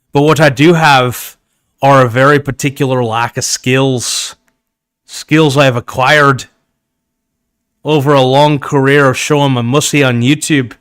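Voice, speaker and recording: A man doing a Scottish-accented impression of a menacing man delivering a slow, theatrical movie-style threat monologue. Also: mid-range voice, a bit bright, clean tone, no echo, clean studio sound.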